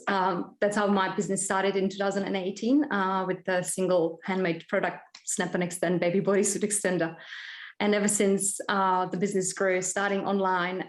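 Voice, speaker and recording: Woman, Czech accent, emotional award winner, halting speech, flat pitch, roomy echo. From Czech Republic. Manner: emotional, halting, many fillers and nervous laughs. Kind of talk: acceptance speech. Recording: echoey room.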